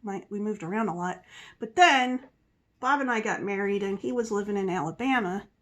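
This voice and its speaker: Chatting in her vlog, a middle-aged woman from the Philadelphia area, USA, rambles and laughs at herself in a blended Philadelphia and Southern US accent. She speaks briskly in a mid-range voice with a fairly bright tone.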